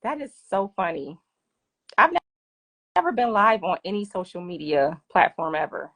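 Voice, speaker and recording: A woman hosts a relaxed finance Q&A livestream. Her voice is animated and varied in pitch, and she talks in a chatty, easygoing way with frequent laughter, recorded on a phone. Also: moderate pace. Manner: laughs often, apologetic and chatty. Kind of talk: casual live Q&A chat.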